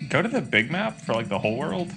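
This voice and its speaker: Brief: gravelly-voiced man, deadpan let's-play co-host, game music underneath. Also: medium pitch, fast talker. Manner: dry, sarcastic, crude jokes. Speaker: co-host playing a video game. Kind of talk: casual let's-play banter.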